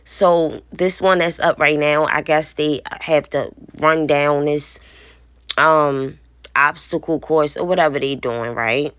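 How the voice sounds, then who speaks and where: A woman's voice: low-pitched, steady tone, takes it slowly, fairly bright tone, clear, resonant tone. A woman in her thirties, a mother vlogging in a blunt, indignant manner and swearing now and then. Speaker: parent vlogger. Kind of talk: casual vlog, showing a phone.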